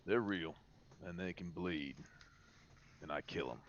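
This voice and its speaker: A man's voice: sits low, measured pace, lo-fi sound. A man voicing a crude, boastful male Marine monster hunter with a put-on Southern redneck accent and a swaggering, profane drawl.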